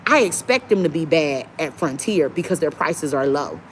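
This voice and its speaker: A young woman venting about airline customer service in an opinionated rant to camera, now and then putting on a soft, polite service voice. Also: deep voice, lively intonation, moderate pace, slight background noise. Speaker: travel vlogger.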